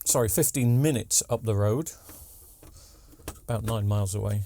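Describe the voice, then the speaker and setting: A man's voice: on the low side, moderate pace, dark tone, a little hiss or hum. A man, rambling casually through a TV repair vlog with joking asides and lots of ums. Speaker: TV repair vlogger. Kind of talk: casual chatty workshop vlog.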